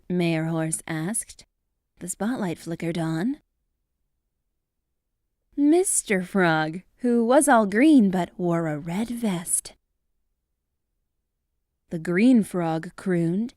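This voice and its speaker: A woman narrating a children's storybook in an animated read-aloud manner. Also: fairly low pitch, slow pace, dry recording, clean studio sound.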